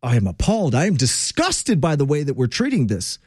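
A fussy, overwrought judge stammers in a lifted, thinner voice, as a talk host mocks him. The tone is whiny and put-upon. It is quieter than the host's usual talk. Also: male voice, on the high side, wildly swooping pitch, brisk, breathy edge, no room sound, studio quality, full character voice. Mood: mock outrage. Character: appalled, fussy male judge, mocked.

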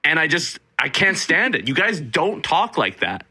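Young Canadian man, bright animated rant. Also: fairly high pitch, moderate pace, breathy edge. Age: young adult. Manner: animated, ranting, mimics accents. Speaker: radio show co-host. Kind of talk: casual radio chat.

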